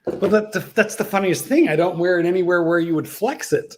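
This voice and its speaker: A man chatting on a livestream panel in an animated way, with a lot of hesitant fillers. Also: sits high, brisk, a little hiss or hum. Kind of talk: casual chat.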